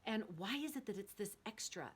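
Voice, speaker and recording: A middle-aged woman host telling personal stories in a casual, earnest and animated way. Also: mid-range voice, brisk, slightly rough. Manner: earnest, animated storytelling with rising excitement.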